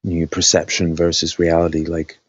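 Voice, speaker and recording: A man's voice: low voice, monotone, normal speed, no room sound, dull audio. A man hosting a casual live stream, thinking aloud with lots of fillers, his voice dry after talking all night.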